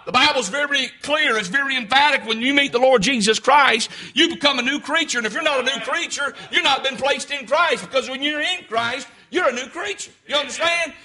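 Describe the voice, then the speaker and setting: A man with a Southern US rural accent, preaching a sermon as pastor, fervent and rising to shouts. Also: extremely high pitch, brisk, few pauses. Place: church sanctuary.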